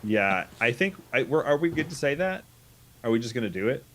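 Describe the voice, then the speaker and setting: A man's voice: medium pitch, sing-song, a little fast, fairly bright tone. A man playing a tabletop game, chatting casually and hesitantly with other players. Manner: rambling, hesitant.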